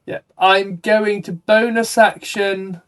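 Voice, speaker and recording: A man playing a tabletop game, thinking aloud deliberately with pauses. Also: high voice, level tone, a bit bright, smooth. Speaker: player. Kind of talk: casual tabletop game play.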